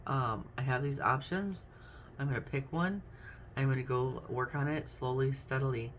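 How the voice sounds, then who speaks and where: A woman's voice: very deep voice, moderate pace, a little hiss or hum. Chatty woman reading tarot cards. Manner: chatty, thinks aloud while naming cards. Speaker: tarot reader. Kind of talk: casual tarot card reading.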